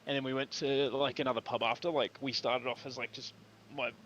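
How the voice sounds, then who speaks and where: A man's voice: medium pitch, little pitch movement, fairly quick, fairly bright tone, lo-fi sound. A young Australian man streaming, telling a long slangy story with lots of swearing. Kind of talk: casual chat while gaming on stream. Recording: noisy background.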